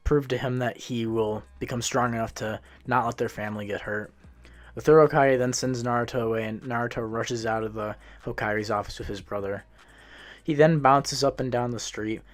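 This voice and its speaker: Man rambling through a story. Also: mid-range voice. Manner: loose, rambling retelling with frequent restarts and self-corrections. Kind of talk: casual fan-fiction narration.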